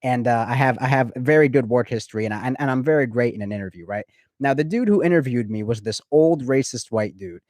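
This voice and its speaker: A man tells a personal story in casual chat, animated and profane. He swears freely and trips over repeated words. His voice sits at a middling pitch, recorded close and dry. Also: quick pace, dry recording. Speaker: guest in a recorded conversation. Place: lives in Florida.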